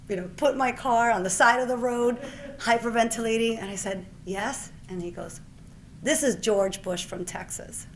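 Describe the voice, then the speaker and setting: With slight background noise behind her, a woman in her forties speaks on the high side as she accepts an award. She's a physician from Puerto Rico sharing a personal story, animatedly performing each conversation she retells.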